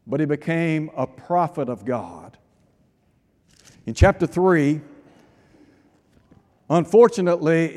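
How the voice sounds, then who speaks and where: A man delivering a sermon, reading scripture in measured phrases and leaning on key words. His voice sits fairly high for a man. A long reverb trails behind it, as in a large hall. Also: a little mellow. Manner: reads scripture aloud, pausing on phrases and slowing for emphasis. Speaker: preacher.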